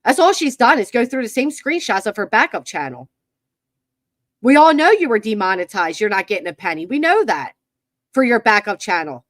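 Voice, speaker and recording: Pitched on the high side, this woman sounds very animated and speaks a little fast as she hosts her commentary livestream. She mocks and vents exasperation at her viewers and chat while sitting at a computer with its built-in mic. There's no room sound, and the audio is studio-clean.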